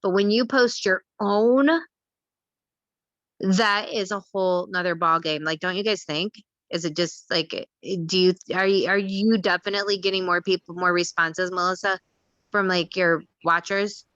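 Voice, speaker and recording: A woman hosting a casual group video call, talking in an excited, rambling way with lots of fillers. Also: on the low side, normal speed, no echo. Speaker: host. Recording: dull lo-fi video call audio.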